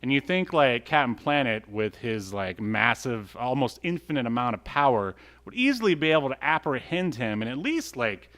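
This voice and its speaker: A man's voice: medium pitch, big pitch swings, moderate pace, few pauses, a bit bright. A man co-hosting a podcast, chatting casually about an old cartoon with plenty of fillers and asides. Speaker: podcast co-host.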